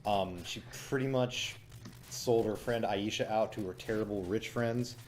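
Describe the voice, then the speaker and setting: A man casually reviewing a show, chatty and cynical, with frequent fillers, breaking into quick impressions of lines he quotes. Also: lowish voice.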